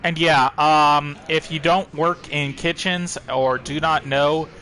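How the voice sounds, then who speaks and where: A man's voice: a little high, slow pace. Chatty man narrating his gameplay. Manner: relaxed, chatty, thinking aloud while reading in-game documents. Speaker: let's play host. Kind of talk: casual gameplay commentary.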